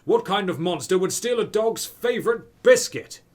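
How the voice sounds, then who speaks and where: Man, game streamer, lively pitch, slightly high voice, wry, reading game text. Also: normal speed. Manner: playful, wry asides. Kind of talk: reading a dating sim aloud with commentary.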